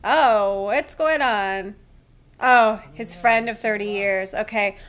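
A woman hosting a drama reaction video, excitable and emotional, laughing and gasping often. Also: mid-range voice, slow, clean tone. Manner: emotional, near tears. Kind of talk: casual drama reaction commentary.

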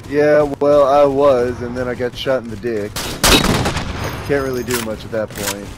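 A man chatting casually while playing a shooter game, excitable and yelling at enemies when the action picks up. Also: mid-range voice, moderate pace, very noisy. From Alabama. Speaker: gamer. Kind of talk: casual gameplay chat. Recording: loud gunfire game audio behind.

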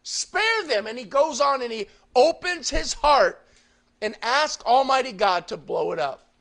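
A man preaching a Bible study sermon, reading scripture aloud and swinging from quiet confiding asides to fervent, pleading outbursts. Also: gravelly. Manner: rises into fervent shouted pleading, then drops low. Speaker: pastor.

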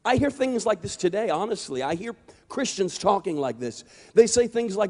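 Impassioned high-voiced preacher man. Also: lively intonation, normal speed. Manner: impassioned, building to shouts. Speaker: evangelist preacher. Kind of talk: sermon. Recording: long hall reverb.

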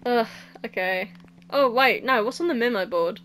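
A woman's voice: on the high side, moderate pace, fairly bright tone, slight background noise. A young woman playing a horror game and commenting, joking sarcastically and giggling often. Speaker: let's play host.

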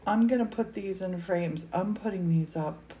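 A woman's voice: lowish voice, normal speed, warm tone, a little hiss or hum. A woman gushing over a gift on a livestream, tearful and exclaiming often. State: teary. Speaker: host of a painting livestream. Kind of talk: emotional casual chat. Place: indoor studio.

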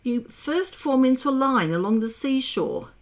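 A woman voicing a boisterous male griffin creature in a storybook reading, brusque and loud. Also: high voice, animated, moderate pace, voice pushed up. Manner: brusque, shouting.

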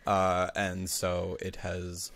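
Very deep-voiced joking man co-host. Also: completely flat delivery, very slow, a bit bright. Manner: supportive, joking, does playful quoted voices. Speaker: podcast co-host. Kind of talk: casual chat.

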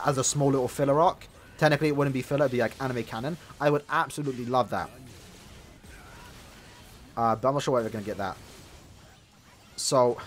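A man's voice: mid-range voice, a little hiss or hum. Chatty young man with a sore throat. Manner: rambling, chatty, many fillers. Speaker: gaming channel host. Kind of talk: casual chat while playing a mobile game.

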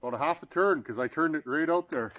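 Speaking fast over a slight hiss or hum, a straightforward man demonstrates chainsaw repair in a hands-on workshop, addressing viewers directly as "guys." He has a slightly higher-than-typical male voice and sometimes gets louder, as if competing with an engine.

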